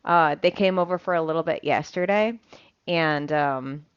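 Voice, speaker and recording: A woman with a low-pitched, clean-toned voice speaks at a moderate pace with no echo, though the recording sounds dull and lo-fi. She is a cooking vlogger chatting casually while she cooks, rambling with plenty of ums and offhand swearing.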